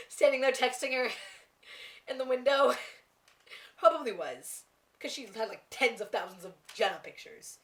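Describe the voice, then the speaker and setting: A young woman chatting excitedly as a vlogger reviewing a TV episode, laughing often and gushing. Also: on the high side, echoey room. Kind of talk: casual chat.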